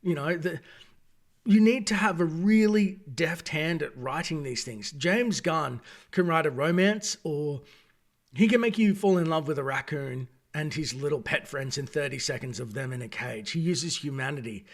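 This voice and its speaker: An Australian man giving a casual, opinionated review, talking in an animated, digressive way. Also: on the high side, normal speed. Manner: animated, digressive, acts out quoted voices. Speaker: video reviewer.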